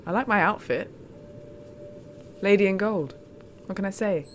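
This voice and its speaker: A woman's voice: medium pitch, measured pace, slight background noise. A woman chatting casually on a live stream as she plays a game, in a self-mocking way.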